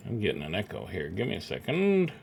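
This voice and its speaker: A man's voice: fairly low pitch, huge pitch swings, quick pace, gravelly. A middle-aged man streaming a video game, chatty and self-deprecating as he talks into a desk microphone at home. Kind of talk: casual live-stream commentary.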